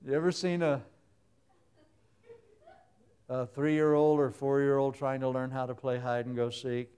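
A man's voice: mid-range voice, level tone, measured pace, dark tone, clean tone. A man preaching a sermon in a folksy, humorous way, full of everyday stories. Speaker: pastor.

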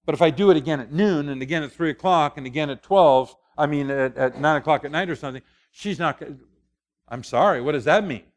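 A man's voice: a little high, fast talker. An older man, a preacher, giving a conversational sermon in a folksy, storytelling way with asides.

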